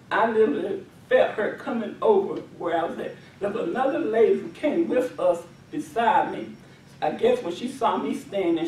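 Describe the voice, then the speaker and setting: A woman's voice: mid-range voice, a little mellow, recorded from a distance, a little hiss or hum. Fervent woman preaching in an echoey hall. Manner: fervent, repetitive commanding cries. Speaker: deliverance minister. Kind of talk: testimony and deliverance prayer.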